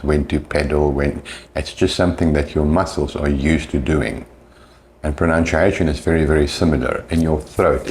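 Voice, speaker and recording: Very deep-voiced male English teacher. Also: a little mellow, slight background noise. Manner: patient, demonstrates sounds slowly. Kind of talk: explanatory talk on pronunciation.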